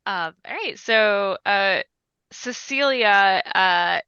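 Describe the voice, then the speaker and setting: A woman player describing her character at a slow, halting pace. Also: mid-range voice, pushed and bright, clean tone, no room sound, lo-fi sound. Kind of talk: describing her character at a tabletop game session.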